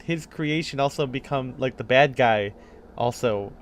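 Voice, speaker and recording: A man's voice: mid-range voice, measured pace, slight background noise. A man co-hosting a podcast, rambling and hesitant, laughing often. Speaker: podcast co-host. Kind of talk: casual chat.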